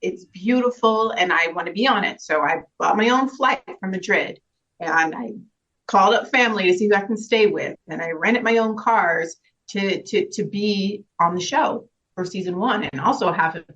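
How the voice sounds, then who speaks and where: Woman, actress guest, casual interview, earnest, reflective, frequent laughs, mid pitch, lo-fi sound. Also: moderate pace, fairly bright tone. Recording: slightly dull, lo-fi sound.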